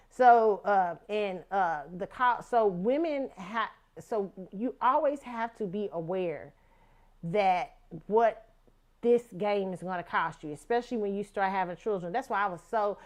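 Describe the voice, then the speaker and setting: A woman's voice: medium pitch, a little mellow. A woman hosting a talk show, giving frank, casual commentary with profanity and frequent laughter.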